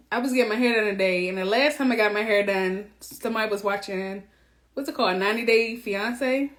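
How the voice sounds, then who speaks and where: Woman in her 30s gabbing to her followers, blunt and animated, slangy, mid pitch. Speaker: womb wellness coach. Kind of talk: casual chat to followers.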